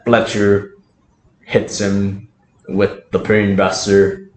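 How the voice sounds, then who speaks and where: A man's voice: fairly low pitch, fairly even intonation, slow pace, darkish tone. A man casually telling a story to camera, chatty and laughing often as he hurries through the details. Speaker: wrestling fantasy booker. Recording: roomy echo, faint background hiss.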